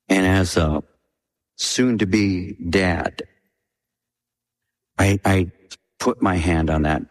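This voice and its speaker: A man preaching a sermon with impassioned delivery, his pitch swinging high and dropping low. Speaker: pastor. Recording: long hall reverb.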